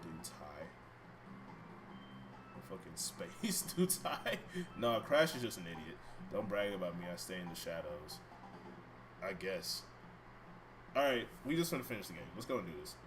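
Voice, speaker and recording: A deep-voiced man streams a video game from home, very animated yet measured, leaving long pauses as he chats and swears freely with viewers. Game music plays against a noisy background in this casual live-stream chat.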